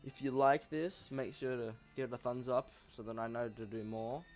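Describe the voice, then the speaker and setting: A man giving playful let's-play commentary, reading game text aloud and reacting as he plays. His voice sits at an ordinary middle pitch for a man. The recording is dull and lo-fi, with faint music underneath. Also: steady tone, moderate pace, a little mellow. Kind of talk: gameplay commentary.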